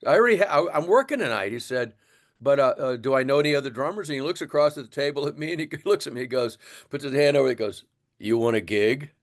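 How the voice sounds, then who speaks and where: An older man from Texas, a drummer, telling an animated story in an interview and acting out the voices of others. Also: mid-range voice, quick pace. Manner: animated storyteller, acts out voices, laughs often. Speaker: guest drummer.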